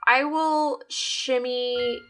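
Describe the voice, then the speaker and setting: A woman playing a tabletop game, dropping quick jokes. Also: sits high, fairly even intonation, a bit bright, faint music behind. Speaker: player.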